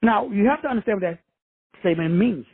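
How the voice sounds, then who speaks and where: Man, motivational talk, high-pitched, husky, dry tinny phone-line sound. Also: expressive, fast, no echo. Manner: preachy, addresses listeners as brothers and sisters; casual, with frequent swearing. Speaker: self-help speaker.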